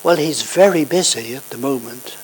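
A timid little girl speaks softly down a telephone line, as a man puts her on in the middle of a sermon. Her answers are short and hushed, with the voice nudged a little higher and quieter than his own. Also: normal speed, a little hiss or hum, natural voice. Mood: shy, hushed. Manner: soft, shy one-word answers. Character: shy whispering little girl on the phone.

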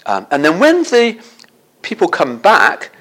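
Man, preacher, storytelling sermon, animated, swooping delivery, slightly high voice. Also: unhurried, slightly rough. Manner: animated, asks the listeners tag questions.

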